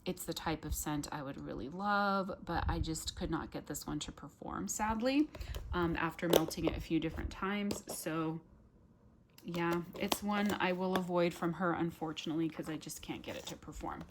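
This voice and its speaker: A woman vlogger chatting casually through a product review, full of ums and likes and quick self-corrections. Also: fairly low pitch, background noise.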